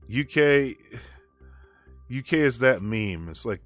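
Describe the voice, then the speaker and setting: A man's voice: medium pitch, lively intonation, takes it slowly, pauses often, fairly bright tone, no room sound, faint music behind. A man from the United States streaming a game and ranting about politics with sarcasm and frequent swearing. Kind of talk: casual chat while gaming.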